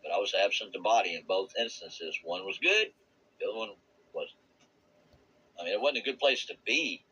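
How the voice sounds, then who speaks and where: A vlogger gives a rambling, earnest testimony of a spiritual experience, searching for words and laughing softly now and then. His voice is lowish, husky and animated at a moderate pace, and the audio sounds dull.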